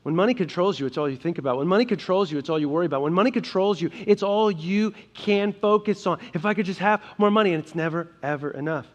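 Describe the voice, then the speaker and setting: A young adult man preaching from a church sanctuary. His voice sits a touch high. He swings from hushed, deliberate emphasis to loud, urgent appeals. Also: muffled recording. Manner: earnest preaching that builds from quiet emphasis to loud, urgent passages. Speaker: pastor. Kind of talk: sermon.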